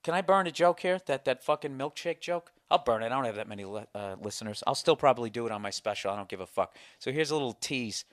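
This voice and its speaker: This comedy podcast host, a man with a mid-range voice, talks quickly with hardly any pauses while ranting, cursing, and telling lively stories. The studio-quality recording has no echo.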